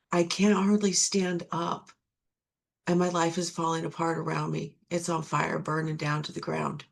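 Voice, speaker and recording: A woman's voice: low voice, gravelly. A middle-aged woman sharing her recovery testimony, earnest and repeating key phrases for emphasis.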